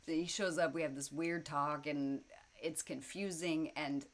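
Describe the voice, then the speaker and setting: A vlogger tells a personal story to camera indoors at home, lit by light bulbs, rambling casually with lots of fillers and frequent laughs. Her voice is deep, steady in tone, and measured in pace.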